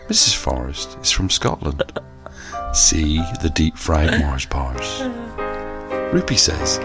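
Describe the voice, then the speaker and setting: A man's voice: very deep voice, sing-song, takes it slowly. A male radio host narrating a parody children's story in a sing-song, innuendo-laden reading. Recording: music bed under the voice.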